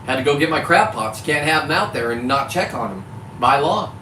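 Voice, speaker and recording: A fired-up California fisherman vlogger rants straight to camera, swearing freely and then scolding himself for it. His fairly high voice is bright and forceful, with lively intonation and a fairly quick pace. He sounds set back from the mic in an echoey room with a faint hiss beneath.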